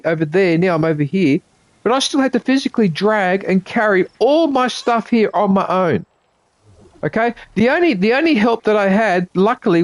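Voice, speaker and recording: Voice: mid-range voice, no echo. An Australian livestreamer ranting casually, swearing freely and exasperated, and checking in with "right?" over and over. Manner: profane, exasperated, keeps asking "right?".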